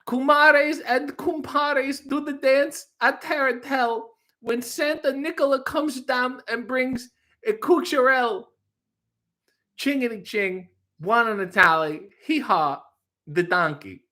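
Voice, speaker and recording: A man putting on a high, sing-song movie-star impression while singing a novelty song. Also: takes it slowly, pushed and bright, exaggerated voice. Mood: crooning. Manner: sing-song, bouncy, lots of la-las.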